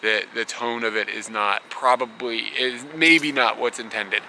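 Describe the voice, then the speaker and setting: A young man rambles to the camera from a small guest house bedroom, sounding bemused and laughing easily. His voice is very bright and cutting, with a gravelly edge and a middling pitch. He swears now and then in a loose, chatty vlog style. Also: unhurried, slight background noise, rough recording. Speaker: travel vlogger. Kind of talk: casual vlog talk to camera.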